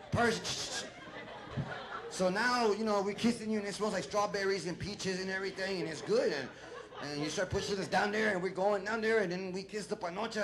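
A male stand-up comedian, doing a crude, rambling set full of swearing and acted-out bits, on a club stage with a handheld mic. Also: high-pitched. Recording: loud crowd laughter and room noise.

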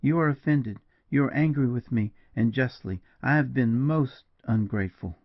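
A man's voice: mid-range voice, moderate pace, no echo, natural voice. A man voicing an impassioned, distraught young lady in a dull, dry recording of an audiobook. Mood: remorseful.

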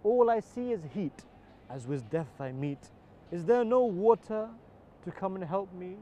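A man's voice: sits high, darkish tone, muffled recording. A man giving an impassioned religious poem recitation at a live outdoor event, his voice swelling on the big lines. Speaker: poetry reciter.

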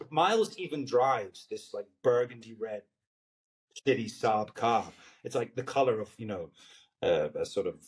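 A man in his forties with a Scottish accent, a guest on a film interview, talking in a loose, rambling way and searching for words. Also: lowish voice. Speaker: actor guest. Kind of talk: casual interview chat.

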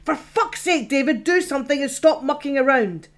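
A woman's voice: high-pitched, expressive, moderate pace, voice pushed up. A woman voicing a frightened male artificial intelligence who pleads and blurts out in exasperation, in an audiobook. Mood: panicked.

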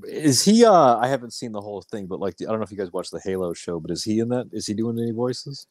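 A man's voice: lowish voice, quick pace, dry recording. A man co-hosting a casual movie podcast, swearing freely and restarting his sentences. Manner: profane, excitable, trailing restarts. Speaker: podcast co-host.

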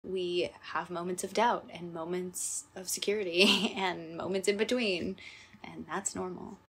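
A young woman co-hosting a casual podcast chat, telling stories in a warm, emotional way that turns tearful. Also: on the low side, fairly even intonation, measured pace, slightly rough. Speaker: podcast co-host.

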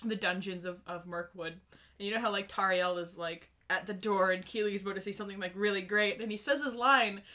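A young woman chatting casually as a podcast guest, telling stories with lots of giggles and quick animated asides. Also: medium pitch. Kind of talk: casual chat.

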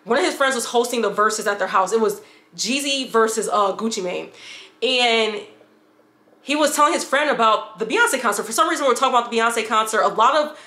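A woman's voice: a little high, lively intonation, brisk, bright, forceful tone, echoey room. A woman from upstate New York telling a personal story in a casual, candid vlog, rambling and swearing freely. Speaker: vlogger.

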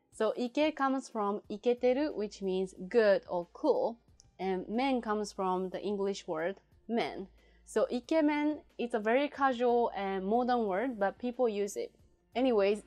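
A woman whose first language is Japanese, teaching a casual language lesson and patiently repeating example phrases slowly and clearly. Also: medium pitch, a little mellow.

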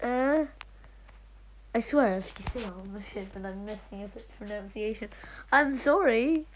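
A woman's voice: mid-range voice, normal speed, a little hiss or hum, rough recording. A woman giving casual, giggly gameplay commentary, muttering half to herself as she scrolls through a game. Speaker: gaming streamer.

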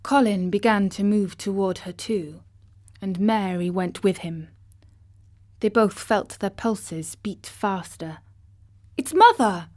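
Woman audiobook narrator, gentle storybook reading, unhurried. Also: mid-range voice, fairly even intonation.

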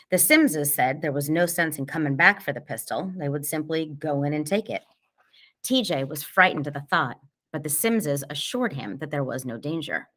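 A woman narrates a novel in the first person, in a low, measured voice. Her telling is quiet and steady, sometimes dropping nearly to a whisper. It is audiobook reading.

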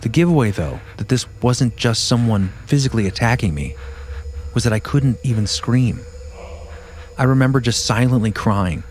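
A man hosting a podcast, reading a listener's first-person story aloud in a steady, measured way. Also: mid-range voice, slight background noise. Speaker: podcast host.

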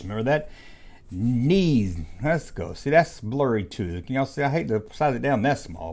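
A man's voice: medium pitch, lively intonation, fairly quick, darkish tone. A man casually commenting on old comic book ads, with jokey, sarcastic asides. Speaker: YouTube host reviewing old comic ads.

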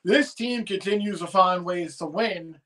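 A man hosting a casual livestream, excitedly rambling about his team's win and swearing freely. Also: high-pitched, unhurried, rough recording. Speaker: livestream host and fan commentator. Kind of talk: casual post-game chat.

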